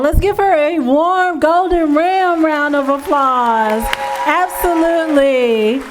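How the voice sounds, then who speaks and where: Emcee, woman, high voice, upbeat crowd-rallying intros in an auditorium. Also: a little hiss or hum. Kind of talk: event hosting. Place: university auditorium.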